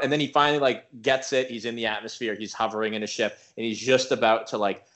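A man co-hosting a casual podcast, recapping an episode in a rambling, animated way with lots of filler words. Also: medium pitch, fast talker. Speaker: podcast co-host.

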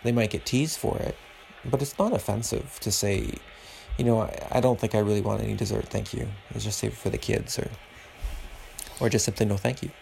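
Gravelly-voiced man, earnest podcast talk. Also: lowish voice, fairly even intonation, fairly quick, a little mellow, a little hiss or hum, rough recording. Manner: earnest, preachy and rambling. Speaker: podcast host. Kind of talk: casual podcast monologue.

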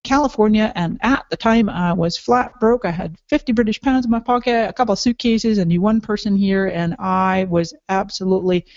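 A cheerful middle-aged woman with a light Scottish lilt tells her life story in a relaxed podcast interview, laughing as she goes. Her voice sits at an ordinary pitch, recorded close and dry with a slightly dull, lo-fi tone. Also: a little fast, hardly any pauses, no room sound. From Canada, raised partly in Scotland. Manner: upbeat, enthusiastic, laughs often. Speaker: podcast guest.

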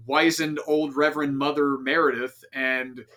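A man hosts a casual podcast in a voice on the high side, with a flat, sharp tone and a measured pace. His talk is loose and rambling, packed with fillers, and he keeps interrupting and restarting himself.

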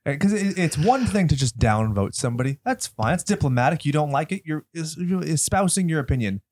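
A man hosting a horror movie podcast, loud and theatrical in casual chat. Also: fairly high pitch, lively intonation, a little fast, no room sound, clean studio sound. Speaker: podcast host.

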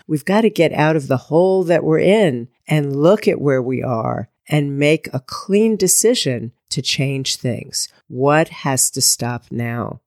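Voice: medium pitch, darkish tone, no room sound, studio quality. A podcast host speaking as a coach in an earnest, encouraging monologue, putting direct questions to the listener.

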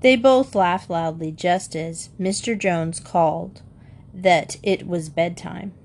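A woman narrating a children's book in a steady storytelling manner. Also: fairly low pitch, slow pace. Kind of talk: audiobook reading of a children's book.

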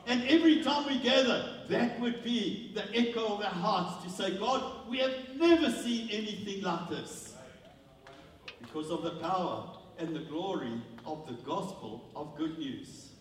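A man's voice: high-pitched, lively intonation, normal speed, fairly bright tone. A man from South Africa preaching a sermon as a guest, playful and joking with the congregation. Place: large church hall. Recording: echoey hall, from far off.

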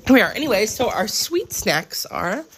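Very animated and a little high-pitched, she chats at a normal speed about her day, filming a travel vlog from her hotel room. The American woman rambles with many "like" fillers, and there's a little hiss or hum in the audio.

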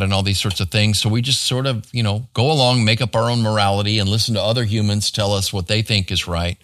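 Bright-voiced pastor teaching a Bible class. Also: male voice, fairly low pitch, steady tone, quick pace, hardly any pauses. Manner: conversational, checks in with the class with "right?".

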